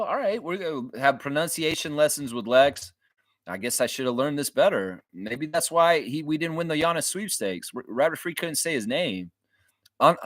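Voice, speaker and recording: Lively-voiced man hosting a casual livestream. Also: a little high, moderate pace, dry recording. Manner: rambling, self-mocking, repeats words. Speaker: sports fan livestream host. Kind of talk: casual live-stream chat.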